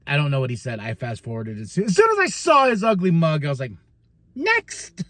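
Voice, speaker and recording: A man hosting a podcast, recapping wrestling in a casual monologue, laughing often and slipping into quick mock voices when he quotes people. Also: on the high side, big pitch swings, a bit bright, dry recording. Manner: laughs often, stumbles and restarts.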